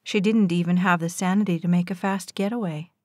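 A woman narrates an audiobook in a calm, steady way. Her voice sits a little low and sounds close and dry, with no room around it. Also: brisk, no echo. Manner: calm, even storytelling. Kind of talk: scripted narration.

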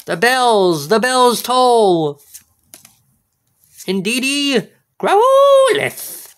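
A man's voice: very high-pitched, a bit bright. A man hosting a casual card-opening video, goofy and playful, full of exclamations and wordplay. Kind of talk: casual unboxing commentary.

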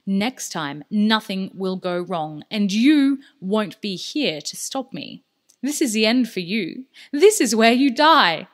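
A woman voicing a ruthless middle-aged male villain in an audiobook, loud and taunting. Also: mid-range voice, lively intonation, slow. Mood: gloating. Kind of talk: audiobook character voice.

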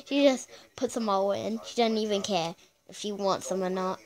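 A woman vlogger gives casual reaction commentary, chatty and exclaiming, and keeps calling out to her viewers as "you guys." She speaks at a medium pitch and a measured pace.

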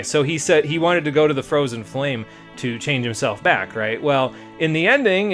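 A man's voice: mid-range voice, a bit bright. An American man streaming a game live, talking casually with sarcastic, profane, rambling asides. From United States. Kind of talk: live let's play commentary.

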